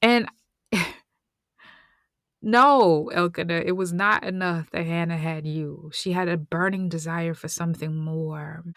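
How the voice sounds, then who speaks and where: A woman retelling a story, slangy and conversational, slipping into whispered asides. Her voice sits low, her pace slow, and the sound is close and dry. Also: fairly even intonation, fairly bright tone, no echo.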